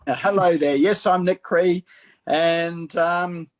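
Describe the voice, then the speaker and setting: A man introduces himself over a video call in a casual, relaxed way. His voice sits a little high, and his speech is halting and full of fillers. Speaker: meetup participant.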